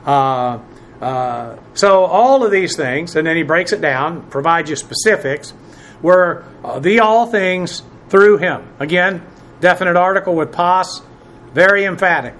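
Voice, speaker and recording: A man teaching a Bible passage word by word from the Greek, spelling terms letter by letter and filling pauses with "uh". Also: a little high, fairly bright tone, slight background noise. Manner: spells out Greek words letter by letter, many "uh" fillers; presses emphatic points with rising force.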